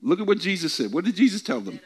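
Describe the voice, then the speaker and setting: Animated male preacher, lively questions. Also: high-pitched, husky. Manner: asks the congregation questions and repeats himself; reads scripture slowly with emphasis. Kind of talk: bible teaching. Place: church meeting before a group.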